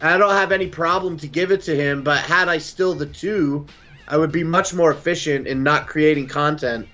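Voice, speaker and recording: A man's voice: on the high side, moderate pace, bright, forceful tone, lo-fi sound, soft background music. Foul-mouthed joking man from Canada. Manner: profane, joking, slips into a mock Aussie accent. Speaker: guest. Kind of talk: casual chat.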